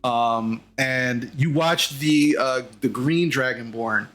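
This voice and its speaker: A man as game master narrating a tabletop game, halting with many fillers. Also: medium pitch, a bit bright.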